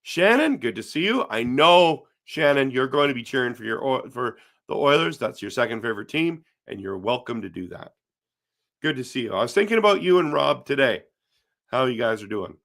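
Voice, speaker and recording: A man's voice: medium pitch, sing-song, a little fast, gravelly, fairly bright tone. Middle-aged canadian guy running a hockey live stream, chatty, reads out comments and riffs on them. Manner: reads viewer comments aloud and responds chattily. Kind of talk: casual live-stream chat.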